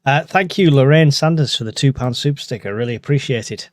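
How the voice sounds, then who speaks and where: A man's voice: mid-range voice, quick pace, dry recording, studio quality. A man from the UK hosting a live podcast stream in casual chat, joking and laughing often. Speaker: podcast host.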